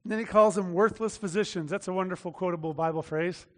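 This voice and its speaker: A man preaching a sermon in a casual, talky way, acting out quotes and breaking into shouts. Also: sits high, quick pace, big-room sound. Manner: conversational preaching with acted-out quotes and sudden shouts. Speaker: pastor.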